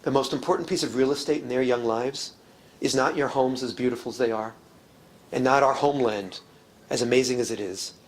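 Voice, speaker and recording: A man's voice: medium pitch, brisk. A middle-aged man from New York giving a lecture as a historian, a wry storyteller who shifts his voice for quoted people. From United States, New York. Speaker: guest speaker, historian. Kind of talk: lecture with jokes and anecdotes.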